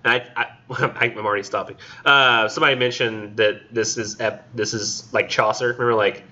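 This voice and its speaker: A man leads a college literature class in a loose, chatty manner, stringing his thoughts together with plenty of "like". His voice is bright and forceful. The classroom recording sounds dull and lo-fi. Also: lowish voice, steady tone, fairly quick. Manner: casual and chatty, heavy use of "like". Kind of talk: classroom lecture with poetry reading.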